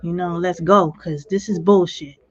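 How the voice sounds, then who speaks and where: A woman's voice: on the low side, fairly even intonation, moderate pace. A woman hosting a livestream, giving blunt, outspoken commentary full of swearing. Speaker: livestream host. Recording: dull lo-fi livestream audio.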